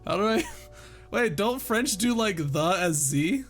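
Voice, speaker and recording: A man's voice: sits high, animated, unhurried, fairly bright tone, soft background music. A man streaming casually, reading a novel aloud to chat while joking, swearing and laughing between lines. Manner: joking, swears freely, lots of laughing asides.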